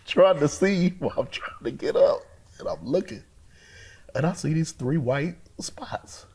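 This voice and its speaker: A man, a pastor and guest, telling a personal testimony in an interview, colloquial and expressive, acting out what he said to himself. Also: on the high side, a little slow, slightly rough. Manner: expressive, colloquial storyteller who acts out his own inner voice.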